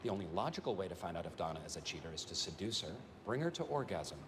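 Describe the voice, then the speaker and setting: An actor playing an intense, self-serious office worker in a sitcom, speaking in a rigid, earnest, officious way. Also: male voice, low voice, big pitch swings, racing, noisy background.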